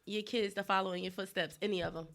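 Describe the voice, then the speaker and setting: A woman co-hosting a podcast, animated and quick to laugh in casual chat. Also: mid-range voice, gravelly. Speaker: podcast co-host.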